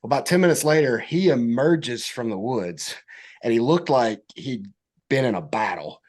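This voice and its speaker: A young man, a podcast guest telling a story in casual chat, animated and acting out quotes. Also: moderate pace. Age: young adult. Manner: animated storyteller, acts out quotes in high voices.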